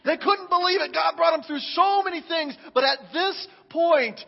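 High-voiced preacher in a reverberant hall. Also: male voice, measured pace, gravelly. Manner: animated, dramatic reading with big swings in loudness. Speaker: pastor. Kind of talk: sermon. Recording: dull sound with long hall reverb.

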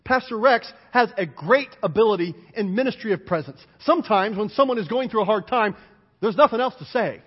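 A man preaching a sermon as pastor, animated and emphatic, driving points home with repeated lists. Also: sits high, a little fast, husky. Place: church sanctuary. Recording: dull, hall-reverberant church recording.

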